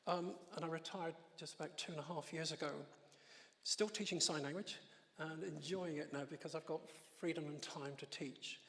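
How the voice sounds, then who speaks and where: A man in his sixties giving his testimony in church, telling an emotional story with halting restarts and soft laughs. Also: a little high, steady tone, big-room sound. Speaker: guest speaker giving testimony. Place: church hall.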